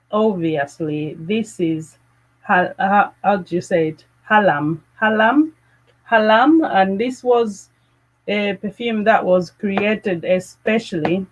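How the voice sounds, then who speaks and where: A woman hosting a live fragrance chat, gushing with excitement and greeting viewers by name. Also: mid-range voice, slow, poor audio. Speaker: fragrance channel host.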